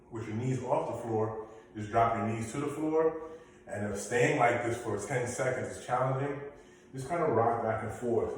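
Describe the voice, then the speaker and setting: A man's voice: medium pitch, a little hiss or hum. A man leading a basic workout class, giving coaching cues and counting down the reps. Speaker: fitness instructor. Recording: very echoey room, mic far off.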